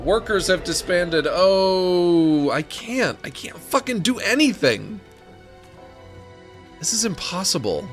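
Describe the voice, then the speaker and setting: A man giving casual, excitable commentary on a video game, swinging between delight and exasperation, with some swearing. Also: high-pitched, moderate pace, soft background music. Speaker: gaming streamer.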